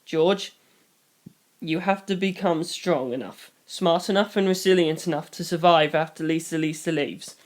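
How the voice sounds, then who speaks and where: A reader voicing a loving, wise foster mother who speaks in a soft, steady, reassuring way, in a fan reading of a novel. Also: mid-range voice, normal speed, lightly acted. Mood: stern. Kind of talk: audiobook reading.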